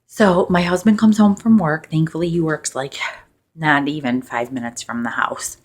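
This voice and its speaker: Young woman, low voice, chatty storytelling, soft ASMR-ish delivery, laughs and quotes people in high bursts. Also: normal speed. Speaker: ASMR channel host. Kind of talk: casual storytelling, loosely ASMR.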